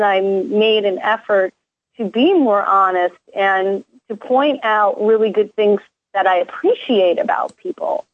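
A woman's voice: medium pitch, dry recording. A woman guest on a radio talk show, speaking earnestly and with enthusiasm in casual conversation. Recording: dull, dry, lo-fi line.

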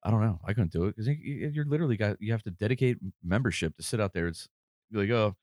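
A man co-hosting a casual podcast chat, often chiming in with quick agreement. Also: lowish voice, expressive, darkish tone, dry recording, clean studio sound. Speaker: firefighter co-host.

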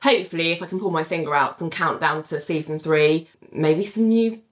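A woman's voice: low-pitched, fairly quick. A British woman co-hosting a podcast, chatting and reading listener reviews aloud, with frequent fillers and laughs. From Britain. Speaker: podcast co-host.

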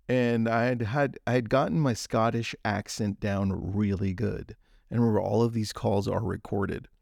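Gravelly low-voiced man hosting a podcast. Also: steady tone, moderate pace, darkish tone, no room sound, clean studio sound. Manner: upbeat, storytelling with restarts. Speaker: podcast host. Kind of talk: solo podcast monologue.

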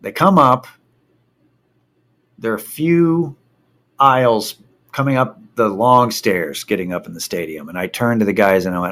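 A man's voice: fairly low pitch, normal speed, long pauses. Profane man telling a heated story. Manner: profane, animated, worked-up retelling. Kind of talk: casual anecdote telling.

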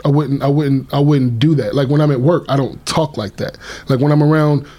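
A man's voice: mid-range voice, steady tone, fairly quick, mellow. A man co-hosting a podcast in casual chat, rambling and repeating himself as he explains. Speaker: podcast co-host.

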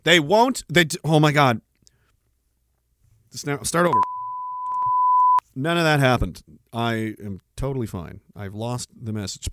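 A man's voice: mid-range voice, unhurried, pauses often, a bit bright, no room sound, clean studio sound. A man in his thirties hosting a solo podcast, ranting in a rambling, profane, self-mocking way. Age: 30s. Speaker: podcast host.

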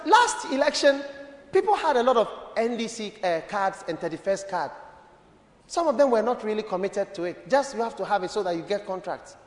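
A man preaching a lively sermon as a bishop, playful and calling on the congregation to answer. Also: high voice, brisk. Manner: animated, playful, calls on the congregation. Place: church hall. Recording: echoey church hall.

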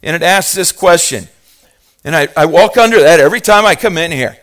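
A man preaching a sermon as pastor, moving from quiet asides to loud, fervent passages and asking the congregation questions. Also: a little high, expressive, a little fast. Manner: talks directly to the congregation with questions.

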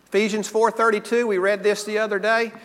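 A man preaching a sermon, earnest, slowing down and repeating key phrases for emphasis. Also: high voice, little pitch movement, fairly bright tone, long reverb tail.

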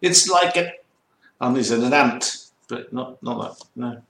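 A man's voice: medium pitch, unhurried, fairly bright tone. A middle-aged man co-hosting a casual livestream, telling jokey stories and laughing as he goes. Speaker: co-host. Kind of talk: casual banter on a livestream show. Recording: roomy echo.

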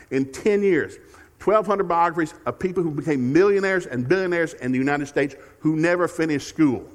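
A middle-aged man with a fairly high voice preaches as a guest speaker in a church sanctuary, where a long hall reverb carries his words. Folksy and humorous, he repeats key phrases and moves between loud, emphatic preaching and quiet, confiding storytelling.

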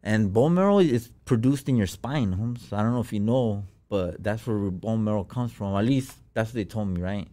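A man's voice: fairly low pitch, normal speed, few pauses, mellow. A man telling a personal story as a podcast guest, in slangy, profane casual talk full of fillers.

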